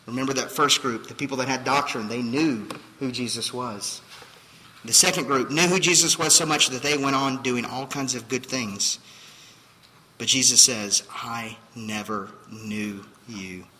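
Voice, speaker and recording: A man's voice: mid-range voice, moderate pace, bright, forceful tone, long reverb tail, slight background noise, rough recording. A man preaching a sermon as pastor, emphatic and full of rhetorical questions. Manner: emphatic, rhetorical questions, acts out quoted voices.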